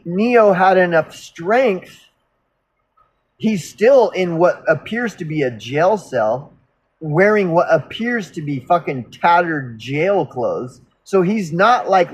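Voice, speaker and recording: A man's voice: sits high, breathy edge, low-quality recording. A man talking in an unscripted monologue, swearing freely, repeating himself for emphasis and often restarting his sentences. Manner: profane, emphatic, repetitive ranting; frequent restarts and stammered repeats. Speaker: recovery vlogger.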